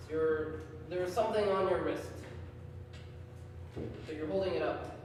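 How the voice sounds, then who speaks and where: A man's voice: high-pitched, measured pace, darkish tone. A man on stage in live improv comedy, rambling through guesses aloud. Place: large echoey hall, far from mic. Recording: echoey hall from far off, noisy.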